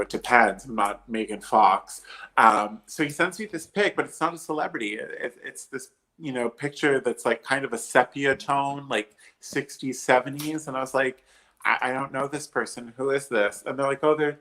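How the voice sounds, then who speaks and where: A drag performer on a livestream video call, telling a story in an animated, emphatic way and acting out each quoted line. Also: male voice, medium pitch, moderate pace. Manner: chatty, emphatic, swears, acts out quoted dialogue.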